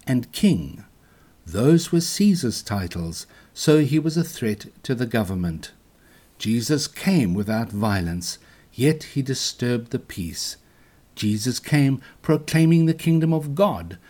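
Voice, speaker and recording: A man preaching a sermon in a measured, earnest way, ending in a prayer. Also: medium pitch, mellow. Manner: measured, earnest preaching with slow emphatic questions. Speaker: pastor.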